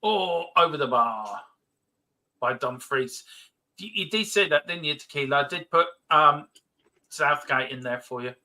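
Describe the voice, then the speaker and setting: Bright-voiced excitable man hosting a match stream. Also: on the high side, normal speed. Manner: excitable, laughs often, teasing banter. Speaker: host of a match watch-along stream. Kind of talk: joking live match commentary. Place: home streaming setup with a TV behind him.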